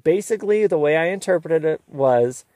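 A man hosting a casual, opinionated recap of a reality show, sometimes mimicking the cast in quick asides. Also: fairly high pitch, lively intonation, warm tone, no room sound. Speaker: recap host.

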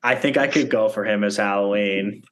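A man's voice: fairly low pitch, moderate pace, fairly bright tone. A man in casual podcast chat, joking and slipping into silly bits. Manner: jokey, drifts into silly voices and song. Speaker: podcast co-host.

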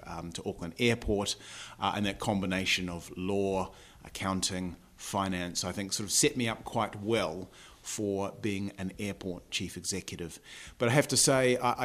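A middle-aged man with a New Zealand accent, answering interview questions in a friendly, thoughtful way. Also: low voice. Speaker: airport chief executive. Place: hotel room.

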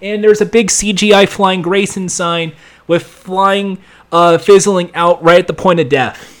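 A man's voice: high voice, fairly even intonation. Sarcastic man recapping a show. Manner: sarcastic, rambling, with sound effects and quick impressions. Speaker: show reviewer. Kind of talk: casual recap and commentary.

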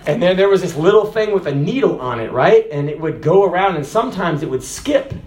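A middle-aged man preaching, his voice sitting high for a man and ringing in an echoey hall. He drops into quiet, chatty asides, then climbs into loud, shouted passages. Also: lively intonation, brisk. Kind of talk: sermon.

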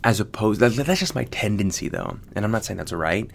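A man's voice: on the low side, lively intonation, fairly quick, gravelly, a little hiss or hum. An American man hosting a podcast, rambling casually with lots of fillers and swearing. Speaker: podcast host. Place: Sydney.

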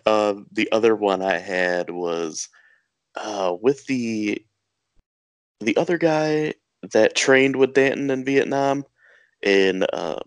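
A young man co-hosting a podcast, relaxed and quick to laugh, steering the chat with questions. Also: on the low side, clean tone, no room sound. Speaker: podcast co-host. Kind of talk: casual movie review chat.

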